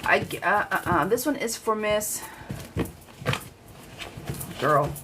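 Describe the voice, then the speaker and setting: A woman giving a live-streamed tarot reading in a chatty, frank, lively way, talking straight to her viewers. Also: mid-range voice, slow, background noise. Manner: chatty, animated, frank, calls viewers girlfriend. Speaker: tarot reader.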